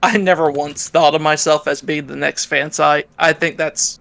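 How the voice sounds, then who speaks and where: A man's voice: a little high, fairly even intonation, normal speed, vocal fry, fairly bright tone, no echo. A man with a Southern US accent, a podcast guest in casual chat, blunt and swearing freely, often repeating his first words.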